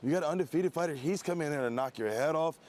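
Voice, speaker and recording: A man giving casual fight analysis in a measured way, repeating points for emphasis. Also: fairly high pitch, a little mellow.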